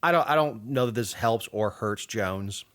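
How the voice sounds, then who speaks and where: A man's voice: on the low side, moderate pace, fairly bright tone. A man, co-hosting a casual political podcast with wry, rambling sarcasm. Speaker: podcast co-host.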